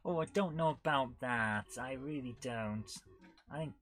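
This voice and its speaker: A woman's voice: a bass voice, measured pace. A woman in her forties hosting a live retro-gaming stream, chatty and giggly, commenting on the game and reading chat aloud.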